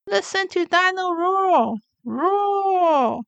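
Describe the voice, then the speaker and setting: A woman's voice: extremely high pitch, expressive, drawn-out words, gravelly, no room sound, highs cut off, pitched above the performer's own voice, full character voice. A woman singing as a roaring toy dinosaur. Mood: roaring song. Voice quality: loud sing-song roaring chant.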